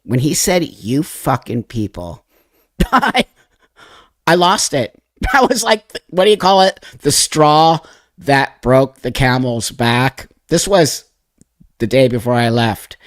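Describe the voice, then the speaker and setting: Speaking slowly with a medium-pitched voice and no echo, a sixty-something man hosts a livestream. His personal story comes out loose, emotional, and profane, with quotes acted out.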